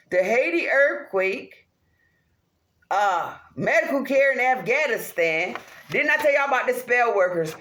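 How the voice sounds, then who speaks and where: A woman ranting casually to her viewers, swearing heavily, animated and laughing often. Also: high-pitched, slight background noise. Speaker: vlogger. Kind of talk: casual rant to camera. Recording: roomy echo.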